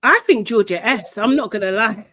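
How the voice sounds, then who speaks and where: A woman's voice: on the high side, lively intonation, normal speed, sharp tone, dry recording. A young adult woman co-hosting a podcast, chatting casually and recapping scenes with frequent laughs. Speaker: podcast co-host. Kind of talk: casual reality-TV recap chat.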